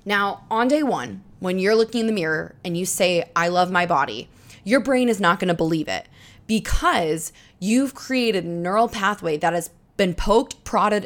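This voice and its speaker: Earnest young woman giving a motivational talk. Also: lowish voice. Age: 20s. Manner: earnest, encouraging, speaks straight to the listener. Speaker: podcast host. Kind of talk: solo motivational podcast talk.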